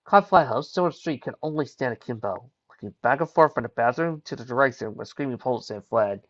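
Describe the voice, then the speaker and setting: A man's voice: mid-range voice, expressive, fairly quick, fairly bright tone, lo-fi sound. A man reading a pony fan story aloud, voicing each character's lines in turn. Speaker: fanfiction reader. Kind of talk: storybook narration.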